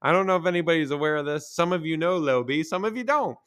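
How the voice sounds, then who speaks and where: Man, podcast host, casual rambling monologue, crude sarcastic humor, bright tone. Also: fairly high pitch, animated, fast, clean tone. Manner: profane, rambling and sarcastic, with mocking put-on voices.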